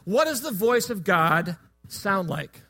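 A man preaching a sermon in a relaxed, conversational way, joking with his listeners and asking them questions. His voice is strikingly high for a man and bright in tone. He shifts easily between teaching and humor. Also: takes it slowly, soft background music.

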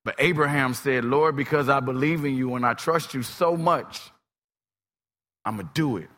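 A man preaching a sermon with dramatic storytelling, swinging from shouts to whispers. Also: medium pitch, moderate pace, long reverb tail.

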